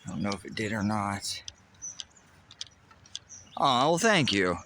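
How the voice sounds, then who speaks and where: Walking a golf course outdoors, this same kind of streamer from Western Pennsylvania, accent and all, reads his chat out loud, swears casually and keeps the banter going. He sounds very animated at a measured pace, with a fairly low, slightly bright voice over a little background noise. The clip is a laid-back golf vlog streamed live.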